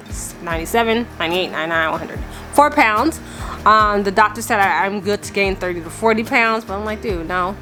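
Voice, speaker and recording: A woman's voice: fairly high pitch, fairly bright tone. A woman in her thirties talking candidly and casually in a vlog, a little out of breath and laughing now and then. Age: 30s. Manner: chatty and candid, laughing often. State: slightly out of breath. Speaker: family vlogger.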